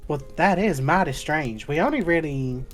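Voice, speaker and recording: A woman's voice: low voice, lively intonation, normal speed, faint music behind. A woman voicing a chatty, fussing female guild receptionist who calls everyone doll and sweetie. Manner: fussy and doting, calls people doll, sweetie and babe.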